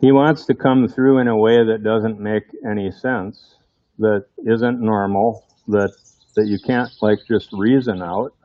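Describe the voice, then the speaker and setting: A man's voice: on the low side, steady tone, a little slow, no room sound, muffled recording. A man preaching a sermon in a conversational way, often putting rhetorical questions to his congregation.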